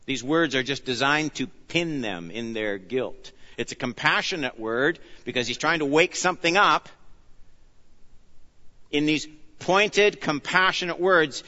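A man preaching an expository sermon, earnest and emphatic, often dropping low and soft on key phrases. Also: lively intonation, unhurried. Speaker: pastor. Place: church. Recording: dull sound, long reverb of a church hall.

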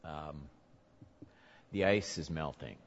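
A male pastor preaching a sermon, swinging from soft, low murmurs to loud, emphatic peaks. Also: slow pace. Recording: dull sound with long hall reverb.

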